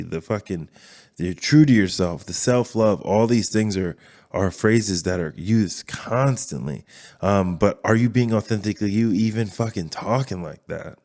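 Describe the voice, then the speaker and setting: A man's voice: on the low side, a little mellow. A man hosting a podcast, talking in a rambling, candid, profanity-filled casual monologue. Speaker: podcast host.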